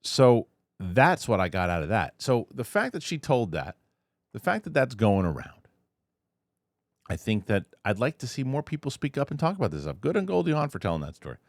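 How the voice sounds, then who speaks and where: A man's voice: mid-range voice, sing-song, moderate pace, no room sound, clean studio sound. A man hosting a show, giving loose, chatty commentary with frequent restarts. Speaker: host. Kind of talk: casual commentary.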